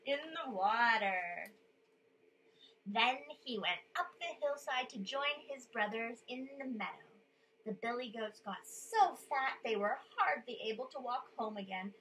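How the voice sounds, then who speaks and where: A woman's voice: a little high, animated, a little slow, fairly bright tone, a little hiss or hum, poor audio. A woman reading a children's story aloud, playful and coaxing a young listener to join in with sounds.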